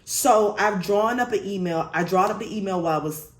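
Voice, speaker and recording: A young woman vlogger telling a storytime story in an animated, emphatic way, swearing freely. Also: mid-range voice, fairly quick. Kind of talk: storytime vlog. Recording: roomy echo.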